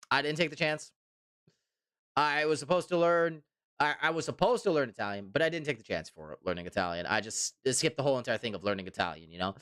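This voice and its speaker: A man's voice: mid-range voice, a bit bright, clear, resonant tone, no room sound, clean studio sound. A man streaming live, chatting casually and reading viewer comments, rambling and repeating himself with mock indignation. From Canada.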